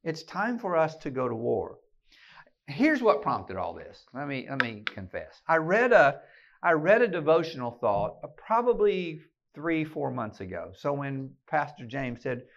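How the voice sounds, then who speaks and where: A keynote speaker and podcast host gives a fiery, rallying sermon to an audience in a meeting room, speaking emphatically and often restarting his words. His mid-range voice is a bit bright, and the recording is muffled.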